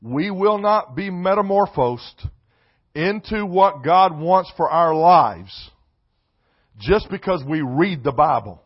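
A man preaching a sermon, repeating key phrases and swinging between quiet asides and shouted emphasis. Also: sits high, lively intonation, slow pace. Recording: dull lo-fi sound.

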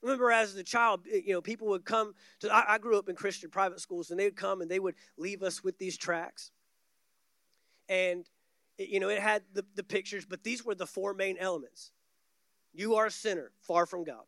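A man's voice: high voice, level tone, normal speed, sharp tone, no room sound. A man preaching a sermon from a church stage, emphatic and repeating key words for stress. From United States.

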